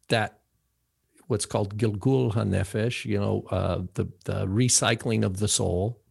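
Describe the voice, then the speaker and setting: Gravelly, husky low-voiced man explaining. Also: a little mellow. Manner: explanatory, trailing phrases with "right?". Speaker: podcast co-host explaining religious history. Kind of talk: casual chat about theology.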